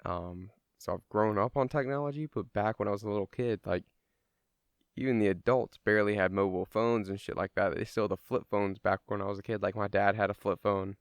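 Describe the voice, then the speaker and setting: A man's voice: on the low side, fairly even intonation, a little fast, smooth, no echo, studio quality. A young man telling a personal story in a casual, rambling way, swearing freely and using lots of fillers. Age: young adult.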